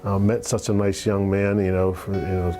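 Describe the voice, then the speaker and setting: A middle-aged man giving a halting testimonial in an interview, with many fillers and restarts. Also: low voice, little pitch movement. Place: office. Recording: guitar music playing clearly underneath.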